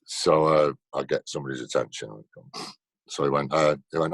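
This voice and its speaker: A man's voice: extremely low pitch, normal speed, vocal fry, a bit bright, husky, no room sound. A man telling stories in a casual interview over a video call, laughing often. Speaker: actor guest.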